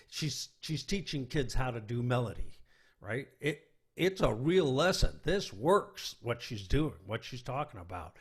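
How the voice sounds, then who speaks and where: A man's voice: medium pitch, slightly rough. A man leading a songwriting workshop over a video call, talking loosely with fillers and restarts and scat-singing melody examples. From North Carolina, USA. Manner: rambling, with filler words and restarts, scat-sings rhythms. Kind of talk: informal workshop talk. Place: home, virtual workshop.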